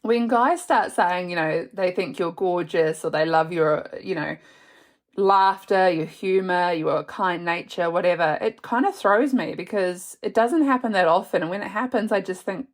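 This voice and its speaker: A woman's voice: lowish voice, normal speed. A young woman hosting a podcast, chatting casually and laughing often as she retells a night out. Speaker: podcast host. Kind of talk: casual storytelling monologue.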